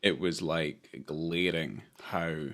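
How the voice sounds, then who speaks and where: A man with a low, gravelly voice, talking casually on a podcast about a film he didn't enjoy. He rambles, restarts his sentences and swears freely as he goes. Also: steady tone, slow pace, a bit bright. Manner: rambling, self-interrupting, sweary. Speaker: podcast co-host. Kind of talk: casual film review chat.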